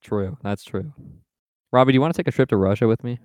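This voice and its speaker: A man's voice: mid-range voice, fast, darkish tone, no echo, clean studio sound. A young man co-hosting a podcast in casual chat, joking and swearing freely. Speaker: podcast co-host.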